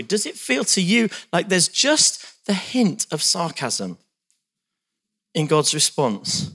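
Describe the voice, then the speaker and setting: Lively male preacher reading scripture. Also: a little high, normal speed. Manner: lively, reads scripture aloud with dramatic emphasis. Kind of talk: sermon.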